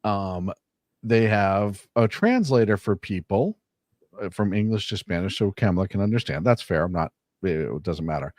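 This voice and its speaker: A man's voice: lowish voice, lively intonation, moderate pace, darkish tone, no echo, studio quality. A man co-hosting a podcast, giving emphatic, indignant political commentary full of rhetorical questions. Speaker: podcast co-host.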